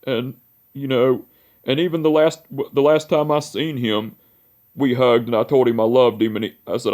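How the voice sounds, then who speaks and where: A young man in his twenties speaks at a middle pitch, telling a personal memory to the camera. He rambles and repeats himself, and his talk is heartfelt and emotional. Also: steady tone, normal speed, darkish tone. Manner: rambling, repeats "I said" and "you know". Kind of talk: personal memorial vlog, storytelling.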